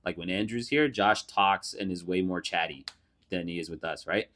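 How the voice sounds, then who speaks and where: A man's voice: sits low, moderate pace, a bit bright. Laughing, foul-mouthed young man retelling scenes. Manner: profane, laughing storyteller. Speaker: podcast co-host. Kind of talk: casual chat.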